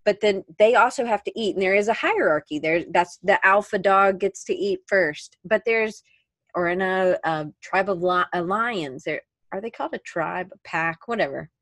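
A woman co-hosting a relaxed podcast, talking in a loose, rambling way and often doubling back to fix what she said. Her voice is mid-pitched and recorded dry and close, with no room sound around it. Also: moderate pace, no echo. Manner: rambling, self-correcting, chatty. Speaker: podcast co-host. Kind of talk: casual chat.

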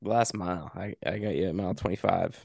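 A man with a low, gravelly voice, recorded dry with no room sound. He tells a self-deprecating story in a rambling, casual way, filling gaps with "like" and "I mean.". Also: animated, quick pace, darkish tone, no room sound. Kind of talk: casual chat.

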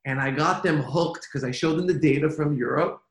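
Animated man telling stories, echoey room. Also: fairly high pitch, brisk. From United States. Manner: animated storyteller, repeats words, laughs easily. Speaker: toy company executive. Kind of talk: conversational interview.

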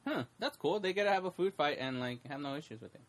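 A woman co-hosting a casual podcast chat, jokey and quick to interrupt, often breaking into laughter. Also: low voice, expressive. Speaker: podcast co-host.

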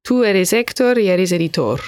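A woman co-hosting a language podcast as the learner, asking questions and slowly repeating phrases after her teacher. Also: mid-range voice, lively intonation, darkish tone, dry recording, clean studio sound. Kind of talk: scripted language lesson chat.

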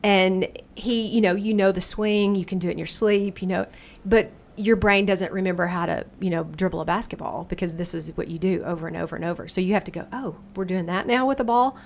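A woman's voice: on the low side, a little fast, creaky. A middle-aged woman, a guest who runs workshops, explaining in casual talk and playfully acting out voices in quotes. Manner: animated, acts out the brain's inner voice in playful quotes.

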